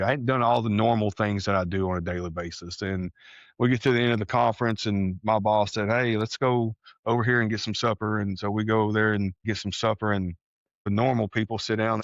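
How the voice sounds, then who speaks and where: A man from Texas telling a personal story on a podcast, animated, acting out the voices of people he quotes. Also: lowish voice, no room sound, muffled recording. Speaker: podcast guest. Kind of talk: casual storytelling.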